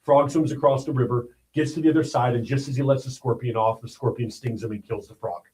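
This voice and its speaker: A man's voice: mid-range voice, steady tone, fast talker, darkish tone, poor audio. A man hosting a livestream, giving blunt, emphatic commentary on the news and often checking in with "all right?". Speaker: livestream host.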